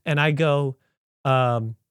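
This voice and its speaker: A man hosting a podcast who tells a story in a casual, animated, rambling way and often corrects himself mid-sentence. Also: mid-range voice, takes it slowly, smooth, dry recording, clean studio sound. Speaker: podcast host.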